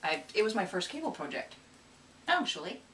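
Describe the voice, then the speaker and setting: A woman's voice: mid-range voice, big pitch swings, normal speed, fairly bright tone. A woman co-hosting a casual knitting podcast, chatty and self-deprecating, getting over a cold. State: recovering from a cold. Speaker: podcast co-host. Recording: distant mic with faint room noise.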